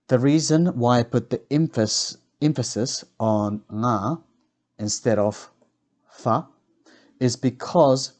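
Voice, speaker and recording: Slow, deliberate New male teacher. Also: medium pitch, a little mellow. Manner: slow, deliberate, carefully enunciated drilling. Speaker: language teacher. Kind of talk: pronunciation lesson.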